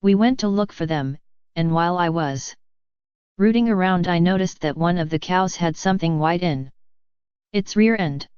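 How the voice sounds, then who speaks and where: A woman voicing an injured man from a golf course, telling his story in a flat, even way. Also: fairly low pitch, clean tone, no echo, natural voice. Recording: dull lo-fi dry recording.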